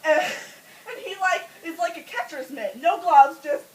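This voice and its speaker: Animated woman with a very high voice. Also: a little slow. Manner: animated, laughing often, swearing. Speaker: storyteller. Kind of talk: casual comic storytelling. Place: home. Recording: roomy echo, distant from mic, faint hiss.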